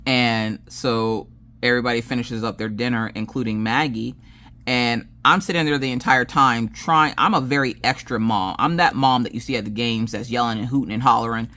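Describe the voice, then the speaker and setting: A woman's voice: very deep voice, fairly even intonation, moderate pace, a bit bright. A woman with a Southern American accent chatting casually while she crafts. She tells family stories at length, acting out what everyone said, and swears freely. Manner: chatty storyteller who acts out family dialogue. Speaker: crafting channel host.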